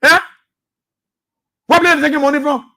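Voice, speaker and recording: Liberian guy on talk radio, preachy and fired up, real high bright voice. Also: fairly even intonation, normal speed. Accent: Liberian English. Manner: impassioned, preachy, repeats phrases, shouts at times. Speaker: radio talk show host. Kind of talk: fiery political radio commentary.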